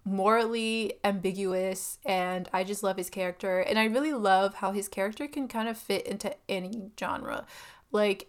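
A woman's voice: mid-range voice, clean tone. A young woman chatting casually about a film, giggling and full of fillers and asides.

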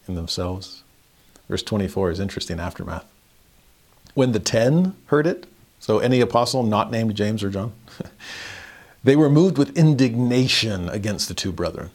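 A man teaching a verse-by-verse scripture lesson in a conversational way, chuckling often and rising in pitch for emphasis. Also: lively intonation, moderate pace, long pauses.

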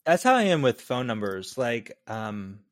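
A married man chatting casually, telling relaxed stories with many fillers. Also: medium pitch, measured pace, dry recording, clean studio sound. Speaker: podcast co-host. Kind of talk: casual chat.

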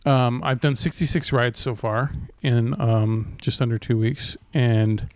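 A man's voice: medium pitch, steady tone, measured pace, clear, resonant tone, no echo. Podcast co-host, man, swears a lot, acts out the voices in his stories, dry close mic. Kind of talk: casual podcast chat.

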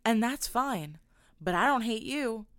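A woman's voice: on the high side, lively intonation, a little slow, no room sound. A young woman co-hosting a podcast in casual chat, talking bluntly and animatedly and swearing freely. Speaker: podcast co-host.

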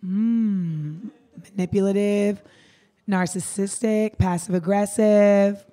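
A woman's voice: mid-range voice, steady tone, slow pace, dark tone. A woman hosting a live podcast in front of an audience, talking casually and frankly with slang and swearing, laughing often. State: losing her voice. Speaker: podcast host. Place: live show venue with audience.

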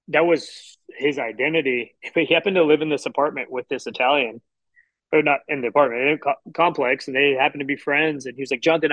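A man's voice: mid-range voice, a bit bright, no echo, highs cut off. A man from Houston, a chef guest on a podcast, telling long, rambling stories and acting out what others said. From Houston, Texas. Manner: rambling storyteller who acts out quotes. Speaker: chef and restaurant owner, guest. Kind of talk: casual podcast interview.

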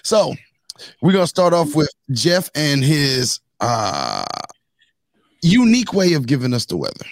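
A man's voice: fairly high pitch, wildly swooping pitch, measured pace, dry recording. Upbeat man hosting a morning show. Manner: hypes up intros, laughs often. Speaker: host. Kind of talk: casual morning show banter.

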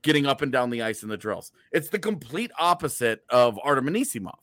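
Sarcastic joking guy cohosting a sports podcast, gets worked up, mid pitch, dry close sound. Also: sing-song, fairly quick, a bit bright, no echo. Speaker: podcast co-host. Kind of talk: casual sports chat.

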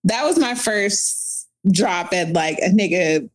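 A woman in her thirties telling a story casually as a podcast guest, animated and profane, filling her talk with "like". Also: on the low side, takes it slowly. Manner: animated, profane, heavy use of "like".

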